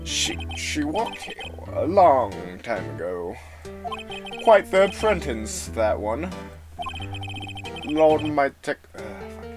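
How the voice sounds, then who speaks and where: A fan voice actor playing a pompous, evasive older male lawyer who stammers, with a put-on accent that slips. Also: medium pitch. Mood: reminiscing. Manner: stammering, old-fashioned formal. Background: music.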